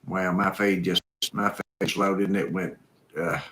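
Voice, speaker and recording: A man's voice: sits low, flat delivery, a little slow, bright, forceful tone. A man hosting a live stream, reading viewer comments and chatting in an easygoing, folksy, rambling way. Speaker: host.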